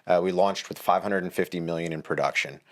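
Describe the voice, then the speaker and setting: Confident low-voiced real estate agent. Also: male voice, fast. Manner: confident, upbeat pitch. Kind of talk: podcast interview.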